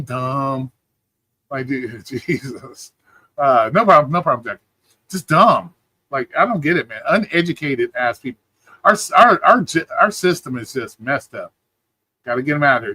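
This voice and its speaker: This livestream host's voice is a little high, pushed and bright with a breathy edge, recorded with no echo. He rants with profanity and mockery, answers his chat, and puts on a whiny voice to mimic people.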